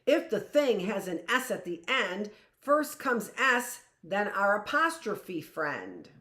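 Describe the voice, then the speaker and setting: Slow, emphatic woman teacher, echoey room. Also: mid-range voice, sing-song, fairly bright tone. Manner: slow, emphatic, repeats key phrases with questions like "right?". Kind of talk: live reading lesson for young children.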